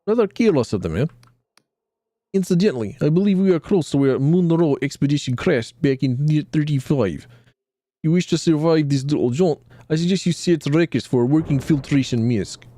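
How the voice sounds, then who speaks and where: A man's voice: on the high side, lively intonation, fairly quick, dark tone, no echo, pitched above the performer's own voice. A man putting on a wry Russian-accented guide. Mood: dry, theatrical. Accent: put-on Russian. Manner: dry, theatrical, formal.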